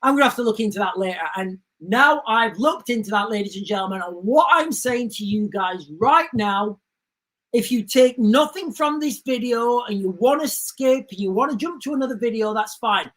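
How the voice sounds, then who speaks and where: A woman's voice: a little high, animated, moderate pace. A woman hosting a livestream, speaking urgently and emphatically and constantly calling out to viewers. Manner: urgent, emphatic, keeps addressing viewers as guys. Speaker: livestream host. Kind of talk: livestream commentary.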